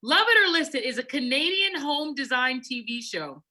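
Bright, high-voiced emphatic woman. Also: lively intonation, moderate pace. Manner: emphatic, insistent, laughs often. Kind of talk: casual chat.

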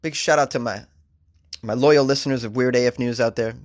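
A man's voice: mid-range voice, steady tone, a little fast, no echo, studio quality. A man hosting a comedy podcast in a casual, jokey, self-deprecating way.

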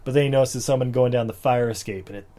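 A man casually recapping a movie on a podcast, laughing a lot and acting out lines in silly high voices. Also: fairly even intonation, fast talker, mellow. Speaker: podcast co-host. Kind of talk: casual movie review chat.

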